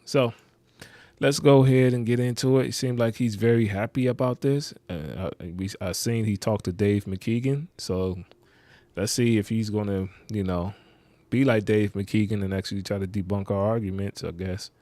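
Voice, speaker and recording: A man's voice: on the low side, moderate pace, warm tone, no echo. A man hosting a reaction video, rambling and skeptical, muttering asides as he comments.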